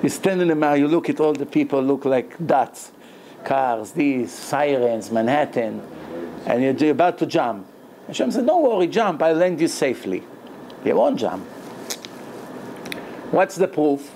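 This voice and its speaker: A man giving a Torah lecture as a rabbi, animated and dramatic, laughing often and acting out quotes. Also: mid-range voice, measured pace, long pauses, slight background noise.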